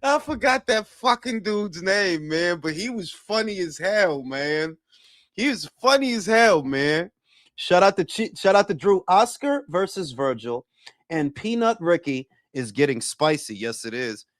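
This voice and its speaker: A man hosting a boxing talk stream, his voice lively and swooping up and down. He chats casually and swears freely, reading out shout-outs from the chat. The sound is dry and close on the mic. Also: high-pitched, a little slow, dry recording. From Dominican heritage. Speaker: boxing talk show host.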